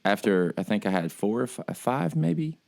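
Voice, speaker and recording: A man's voice: on the low side, big pitch swings, moderate pace, gravelly, a little mellow. A man co-hosting a casual podcast, sleepy and laid-back, rambling with easy laughs. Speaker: podcast co-host. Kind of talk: casual chat.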